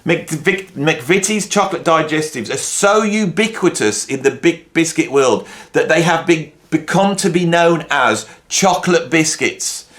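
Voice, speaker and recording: Middle-aged male host, casual rant, mock-outraged and wry, a touch high. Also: animated, measured pace, few pauses, a bit bright. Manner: mock-indignant, rambling, dry humor. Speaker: video host. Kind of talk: casual ranking monologue.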